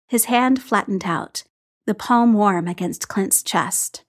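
A woman reading a story aloud in an even, unhurried storytelling voice. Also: mid-range voice. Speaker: story reader. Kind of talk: reading fan fiction aloud.

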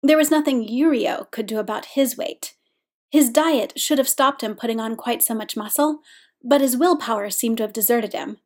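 A woman reading a story aloud in steady, scripted narration. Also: fairly high pitch, moderate pace. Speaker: audiobook reader.

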